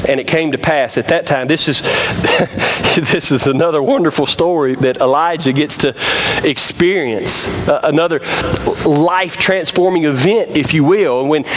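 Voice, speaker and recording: A man preaching a sermon, swinging from loud emphatic peaks to low quiet stretches and often repeating words. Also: background noise. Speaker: pastor.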